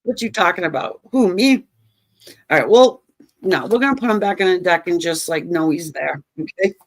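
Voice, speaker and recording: A woman's voice: fairly low pitch, expressive, moderate pace, no echo, rough recording. A woman giving a casual tarot reading, joking and sarcastic, swearing and laughing often. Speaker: tarot reader.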